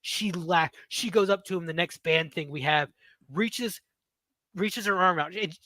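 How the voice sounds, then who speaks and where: A man's voice: sits high, measured pace, bright, forceful tone, no room sound. A man, hosting a podcast and telling rambling stories in casual chat. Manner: rambling, self-interrupting storyteller. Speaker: podcast host.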